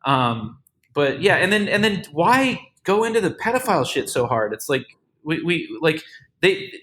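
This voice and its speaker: A man talks loosely and profanely, stumbling through restarts as he works out his thoughts. His voice is bright and forceful and sits a little high. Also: big pitch swings, moderate pace, slight background noise. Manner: rambling, profane, many restarts. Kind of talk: casual chat.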